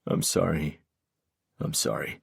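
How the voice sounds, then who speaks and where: A guilt-ridden young sniper speaks in a hushed, apologetic way, as a male narrator voices him. His voice sits low and deep. The recording is close and dry. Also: fairly even intonation, normal speed, no room sound, natural voice. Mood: remorseful.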